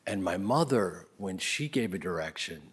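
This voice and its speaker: A middle-aged man speaks in a fairly low, husky voice as he gives a tribute. He tells his stories in waves, loud and laughing at one moment, then dropping to a near-whisper. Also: expressive, normal speed. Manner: swings between loud laughing bursts and soft near-whispers. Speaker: eulogy speaker. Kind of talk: spoken tribute, storytelling.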